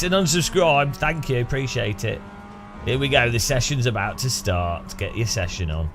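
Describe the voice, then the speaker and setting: A man's voice: mid-range voice, fairly bright tone. A man hosting a casual live stream, joking and rambling as he chats with viewers, laughing at his own jokes. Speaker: streamer host.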